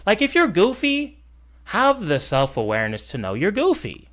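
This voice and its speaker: A man's voice: high voice, wildly swooping pitch, moderate pace. Streamer guy, heated and foul-mouthed, voice that jumps all over the place, mocking. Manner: swings between loud outbursts and muttered asides. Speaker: streamer reacting to a video. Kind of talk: casual live-stream reaction rant.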